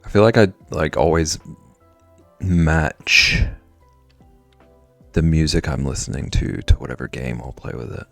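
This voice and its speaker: A man's voice: very deep voice, lively intonation, unhurried, vocal fry, long pauses, a bit bright, soft background music. A man chatting casually on a livestream, rambling and answering chat, with lots of filler "like".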